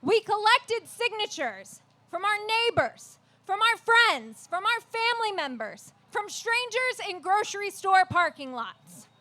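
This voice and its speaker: Slow, high-voiced woman activist speaker. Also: big pitch swings, bright, forceful tone. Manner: measured, earnest, leads call-and-response chants. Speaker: activist leader, rally speaker. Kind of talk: rally speech. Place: outdoor park rally.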